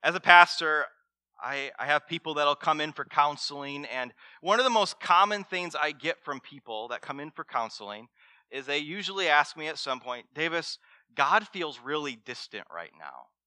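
High-voiced emphatic man preaching. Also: expressive, moderate pace, no echo, studio quality. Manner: emphatic, swinging between loud and hushed; asks the congregation direct questions. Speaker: pastor. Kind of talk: sermon.

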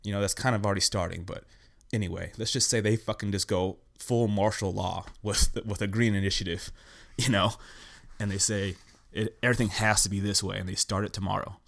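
A man's voice: on the low side, fairly even intonation, a little fast, creaky, fairly bright tone. A young man hosting a podcast, ranting bluntly in a casual, profane way. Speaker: podcast host. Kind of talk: casual rant.

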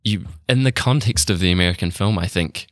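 Deep-voiced New man, rambling. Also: fairly quick, a bit bright, no room sound, clean studio sound. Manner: rambling, hesitant, lots of "like". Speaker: podcast host. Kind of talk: casual podcast interview.

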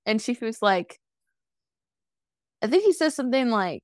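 A woman in her twenties chatting casually as a podcast co-host, recapping a film with sass, swearing freely and acting out lines in quick voices. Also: a little high, big pitch swings, dry recording, studio quality. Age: 20s. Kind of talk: casual movie recap chat.

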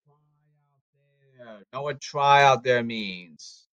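A man ranting about baseball and social media in repetitive, halting bursts. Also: medium pitch, a bit bright, muffled recording. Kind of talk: rambling ranting commentary.

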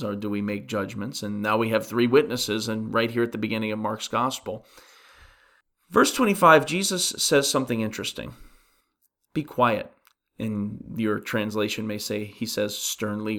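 A man's voice: lowish voice, a bit bright. A pastor delivering a conversational sermon on a Bible passage, asking the listeners questions and often restarting his sentences. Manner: earnest, asks the listeners rhetorical questions; frequent restarts while thinking aloud.

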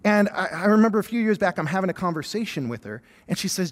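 A youth pastor in his thirties, preaching with lively, self-deprecating stories and humor. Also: high voice, quick pace, few pauses, big-room sound. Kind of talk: sermon with personal stories.

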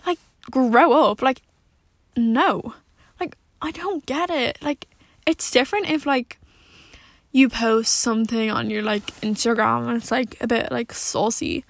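A young woman vents to camera from her parked car, her voice on the high side and gravelly. Blunt and exasperated, she curses often and stuffs every gap with "like" in this casual vlog rant, recorded dry.

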